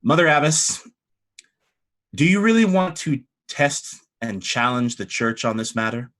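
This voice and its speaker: A man's voice: mid-range voice, animated, unhurried, a bit bright. A man voicing a stern, pompous male church official who speaks formally and makes veiled threats. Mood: threatening.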